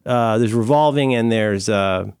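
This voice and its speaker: A man's voice: on the low side, moderate pace, darkish tone, clean tone, no echo, clean studio sound. A man co-hosting a podcast, bantering casually and tossing in jokes and mock bits. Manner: jokey, tosses in bits and mock Spanish. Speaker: podcast co-host.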